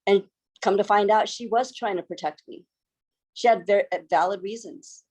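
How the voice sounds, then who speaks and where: A woman's voice: medium pitch, moderate pace, darkish tone. A woman author answering interview questions in an earnest, reflective way, with some hesitant restarts. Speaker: author, guest.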